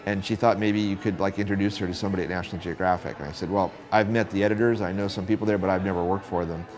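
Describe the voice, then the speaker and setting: In this storytelling interview, a middle-aged male photographer recounts career episodes and performs the voices of the people in them with real animation. He speaks in a low register at a racing pace.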